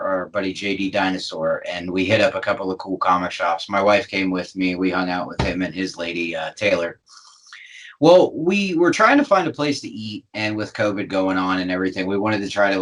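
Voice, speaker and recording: A man's voice: deep voice, a bit bright, poor audio. An American man co-hosting a podcast, rambling, sweary and laughing easily in casual chat. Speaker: podcast co-host.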